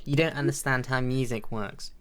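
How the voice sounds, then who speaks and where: A man's voice: medium pitch, fairly even intonation, normal speed, slight background noise, lightly acted. A man putting on a whiny voice to play a know-it-all music pedant. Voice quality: whiny, nasal complaining.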